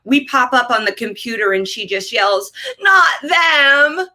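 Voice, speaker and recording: A woman in her thirties doing an animated stand-up set from a home office over a video call, ranting and leaping into high-pitched outbursts. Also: moderate pace. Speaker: stand-up comedian.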